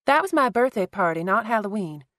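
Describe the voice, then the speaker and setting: Woman doing a nosy bossy little sister voice, pitched up, pokes at everyone. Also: very animated, a little fast, fairly bright tone, dry recording, studio quality. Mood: needling. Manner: blunt, needling. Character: pushy, blunt younger sister, adult woman.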